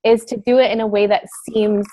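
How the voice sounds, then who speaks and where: A woman teaching a class in a chatty, casual way, with many fillers and quick switches into acted examples. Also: mid-range voice, little pitch movement, dark tone. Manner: chatty, filler-heavy, breaks into role-play quotes. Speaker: wellness sales trainer. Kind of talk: casual instructional talk.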